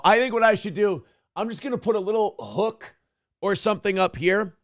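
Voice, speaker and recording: A male stream host with a fairly high, gravelly voice, talking casually and swearing freely. The sound is dry and close, with no room echo. He keeps calling out short commands to coax his dog. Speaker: live-stream show host. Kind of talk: casual live-stream chat.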